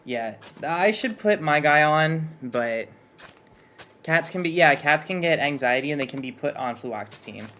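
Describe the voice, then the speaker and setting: A man's voice: fairly high pitch, lively intonation, measured pace, pushed and bright, a little hiss or hum. Hesitant rambling man chatting at home. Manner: rambling, hesitant, nervous restarts. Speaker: streamer's partner and guest artist. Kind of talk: casual chat.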